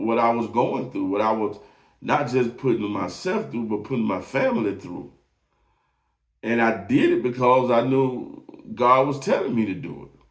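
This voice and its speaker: A man, hosting and telling a personal testimony in an emotional, repetitive way. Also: medium pitch. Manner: emotional, drawn-out storytelling with repeated phrases. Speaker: host. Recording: echoey room, voice from a distance off the mic.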